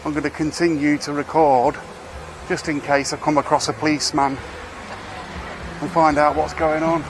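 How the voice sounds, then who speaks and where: A man's voice: fairly high pitch, level tone, moderate pace, background noise. A man giving casual, rambling commentary while walking outdoors through town streets, wry and swearing now and then, recorded on a camera he carries. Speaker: street vlogger.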